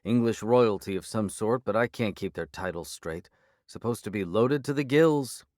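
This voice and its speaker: A man's voice: lowish voice, darkish tone, dry recording, studio quality, lightly acted. A man voicing a wry, impatient woman sheriff. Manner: brisk, impatient, dryly sarcastic. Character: blunt, sardonic small-town woman sheriff. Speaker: character voice in an audiobook.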